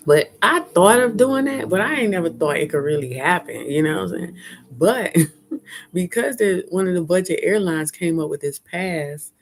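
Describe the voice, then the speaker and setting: A chatty woman talks candidly to her live-stream viewers. Her voice sits low for a woman, and she laughs often as she goes. She is recorded outdoors on a phone held at arm's length. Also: expressive, normal speed, slight background noise. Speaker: vlogger hosting a live stream. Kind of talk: casual live-stream chat. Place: outdoors at a fair.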